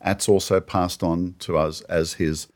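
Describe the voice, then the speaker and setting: A man's voice: deep voice, fairly even intonation, unhurried. A man in an easygoing two-person Bible discussion, explaining doctrine in an earnest, teaching manner with many "you know"s. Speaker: co-host of a Bible teaching show.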